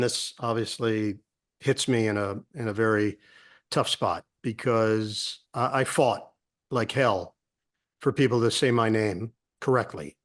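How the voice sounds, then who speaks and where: A middle-aged man, a sportscaster guest, telling a story in a casual interview and acting out the voices of people he quotes. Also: medium pitch. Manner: animated storyteller who acts out quoted voices.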